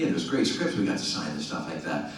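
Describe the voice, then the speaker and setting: A middle-aged man, an actor, telling anecdotes on a convention panel, lively and chatty, with quick voiced impressions of the people in his story. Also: extremely low pitch. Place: large convention hall. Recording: echoey convention hall, distant mic.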